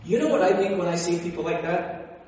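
A male pastor preaching a sermon, telling stories with animated energy and dropping into quiet emphasis. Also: high voice, a little fast, a little hiss or hum. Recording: echoey hall from far off.

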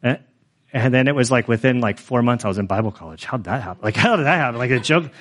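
Male pastor, 40s, mid-pitched, rambling sermon testimony full of fillers, earnest. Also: expressive, quick pace, fairly bright tone.

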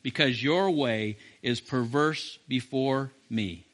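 A man voicing a stern male angel with a drawn sword, reading the words slowly and gravely. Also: mid-range voice, a bit bright, voice pushed down. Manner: solemn, slow, grave scripture reading.

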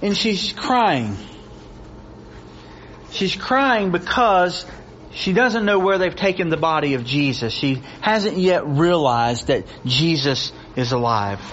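Emphatic preacher man, slightly high voice. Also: animated, slow, a bit bright, a little hiss or hum. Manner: rising intensity when reading scripture, emphatic repetition. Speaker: pastor. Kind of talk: sermon. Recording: dull lo-fi recording with faint ambience.

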